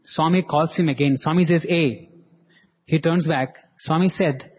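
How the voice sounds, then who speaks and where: Husky man telling a story. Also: fairly high pitch, a little slow, dull audio. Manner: animated, voices the people in his story. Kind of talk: devotional storytelling.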